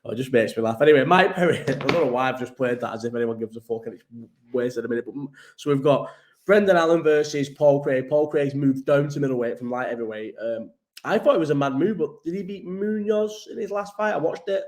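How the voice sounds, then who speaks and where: Rambling host. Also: male voice, medium pitch, brisk, darkish tone. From Bolton, England. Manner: rambling, sweary, thinks aloud. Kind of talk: casual solo fight commentary.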